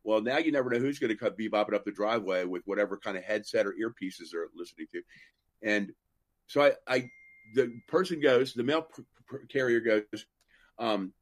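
A man's voice: on the low side, a little fast, dry recording. A man hosting a live podcast and telling rambling stories, acting out the other people's lines as he goes. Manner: rambling anecdotes with acted-out quotes and asides. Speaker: podcast host. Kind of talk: casual storytelling on a live podcast.

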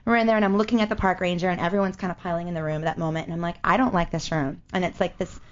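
A woman telling a story in casual chat, animated, with loose swearing and many fillers. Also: lowish voice, racing. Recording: dull lo-fi audio.

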